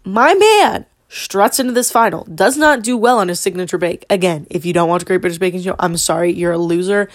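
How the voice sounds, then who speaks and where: A young woman vlogging a casual, rambling review of a TV show, excitable and quick to interrupt herself, with the odd swear. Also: fairly low pitch.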